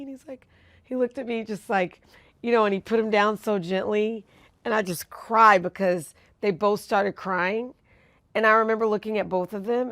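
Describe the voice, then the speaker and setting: Reflective woman with a gravelly low voice. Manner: earnest, reflective, animated when retelling moments. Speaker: TV news host and author. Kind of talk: personal interview storytelling.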